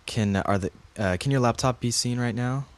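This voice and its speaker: A man co-hosting a podcast in casual chat, halting and hesitant with many fillers. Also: mid-range voice, clean tone. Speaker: podcast co-host.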